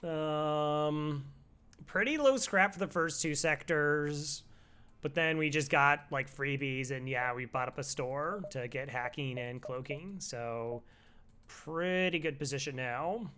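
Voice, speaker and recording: Bright, unhurried young male streamer. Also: on the high side, clear, resonant tone. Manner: laid-back, wry asides to chat. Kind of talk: casual game commentary with chat.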